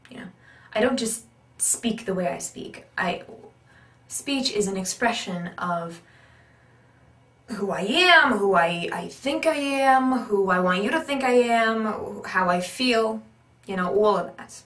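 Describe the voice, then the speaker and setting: A woman teaching about accents and voice work in an animated, emphatic way, repeating her key points. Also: mid-range voice, takes it slowly, far from the mic. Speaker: acting and accent coach. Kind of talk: instructional talk. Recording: roomy echo, speaker off-mic.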